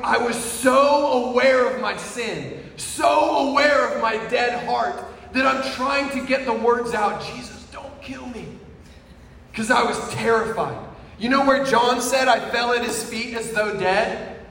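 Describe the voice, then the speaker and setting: A man's voice: very high-pitched, measured pace, vocal fry. Man preaching in an echoey hall. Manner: storytelling, swings from hushed to shouting. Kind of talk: sermon testimony. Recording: echoey hall from far off with faint noise.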